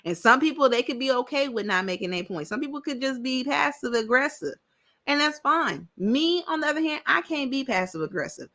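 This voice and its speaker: A woman's voice: sits high, expressive, fairly quick, sharp tone. A woman hosting a reaction commentary, talking bluntly and directly with lots of profanity. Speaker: commentary host. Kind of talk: reaction commentary on a panel clip.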